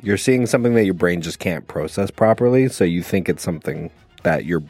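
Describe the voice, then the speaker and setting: A man in casual podcast chat with a deadpan, matter-of-fact delivery. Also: low-pitched, a little fast, no room sound, faint music behind.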